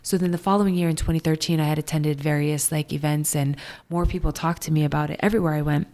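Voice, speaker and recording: Chatty woman with a gravelly low voice. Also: fast talker. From Hawaii. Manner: animated, acts out quoted voices with high jumps; many fillers of "like". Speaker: guest. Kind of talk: casual storytelling interview.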